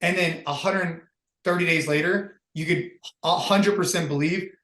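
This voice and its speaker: A man's voice: fairly high pitch, fairly even intonation, normal speed, fairly bright tone. A man hosting a casual podcast chat as a fitness business founder, upbeat and reflective, talking in loose restarts. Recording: roomy echo.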